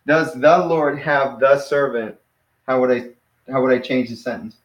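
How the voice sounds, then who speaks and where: A man giving a relaxed, encouraging one-on-one Greek lesson, laughing easily and calling his student "man". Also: medium pitch, normal speed, roomy sound, lo-fi sound. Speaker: Greek teacher. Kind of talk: casual one-on-one language lesson.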